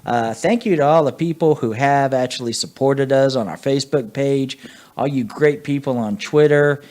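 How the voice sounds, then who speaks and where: A man's voice: medium pitch, moderate pace, a little mellow. A man co-hosting a casual fantasy football podcast, rambling and joking with many fillers. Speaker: podcast co-host. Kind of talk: casual sports chat.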